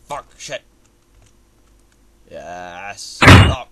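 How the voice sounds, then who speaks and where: This gamer sits low in pitch, drawing out his words with lively intonation as he commentates his platformer run. He's young, frustrated, and curses the game constantly in a swearing let's-play style, while loud keyboard clicks and typing fill a very noisy recording.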